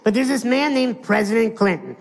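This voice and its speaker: A man's voice: high-pitched, very animated, a little fast, creaky, big-room sound. An American man giving a live motivational keynote, telling stories playfully and speaking straight to his audience. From United States.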